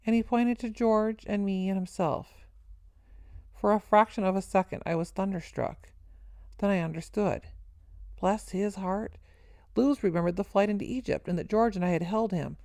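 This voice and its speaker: A woman narrating a first-person story in a steady, earnest reading voice. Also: fairly low pitch, normal speed, vocal fry, dry recording.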